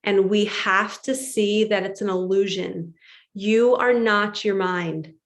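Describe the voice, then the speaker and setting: A woman's voice: medium pitch, fairly even intonation, takes it slowly. A middle-aged woman, a spiritual coach, talking straight to her viewers in an earnest, emphatic way and acting out her own inner voice. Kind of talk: motivational monologue to viewers.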